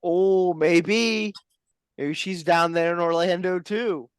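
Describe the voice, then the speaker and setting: A comedy podcast co-host chatting in a deadpan, rambling way full of tangents. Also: medium pitch, slow, clean tone, no room sound. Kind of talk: casual comedic chat.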